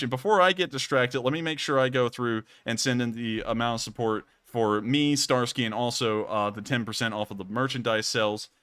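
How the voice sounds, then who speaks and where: Bright, crisp-voiced male livestream host. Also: mid-range voice, dry recording. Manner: effusive, thanks donors at length. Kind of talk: charity livestream hosting.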